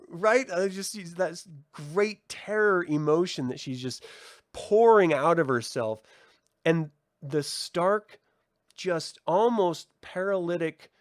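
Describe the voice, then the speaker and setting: A fairly high-voiced man talks through a TV episode in a loose, casual review. He gets excitable, swears freely and leans on "like" as filler. The sound is dry and close, with no room around it. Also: no echo. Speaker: TV series reviewer. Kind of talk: casual video review commentary.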